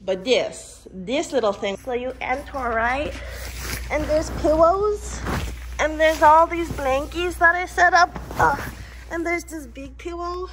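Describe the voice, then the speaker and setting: A playful young woman in her twenties walks viewers through her art studio, chatty and giggly. Her voice sits a touch high, captured on a phone indoors. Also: slow, fairly bright tone, a little hiss or hum. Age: 20s. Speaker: vlogger and illustrator. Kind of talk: casual studio tour vlog. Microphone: phone camera mic.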